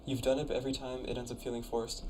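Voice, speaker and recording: Rapid-fire and completely flat, yet a little mellow, this mid-range male voice belongs to a college-age streamer casually reviewing viewers' conlangs. He reads messages from chat aloud and tries pronouncing invented words, with a light hiss or hum in the recording.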